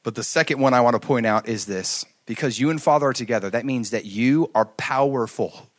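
A middle-aged man preaching a sermon, telling stories and swinging from loud to hushed. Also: mid-range voice, brisk. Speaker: pastor.

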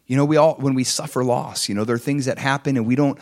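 A man's voice: fairly even intonation, quick pace. A man preaching a conversational sermon, telling stories, asking the congregation questions and acting out the people in them. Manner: acts out quoted people with big swings in pitch and loudness. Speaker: pastor.

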